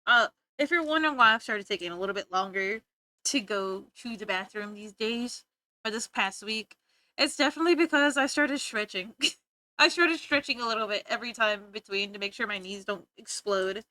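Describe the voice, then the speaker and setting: A young woman livestreamer chatting casually to her viewers, giggly and rambling, with sudden bursts of excitement. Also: mid-range voice, normal speed, no echo. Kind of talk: casual stream chat.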